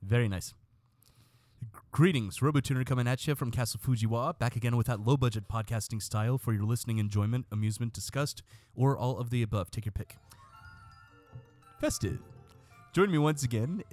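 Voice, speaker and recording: A man hosting a casual podcast, making deadpan jokes at his co-hosts. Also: mid-range voice, a little fast, faint music behind. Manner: joking, deadpan asides. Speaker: podcast host.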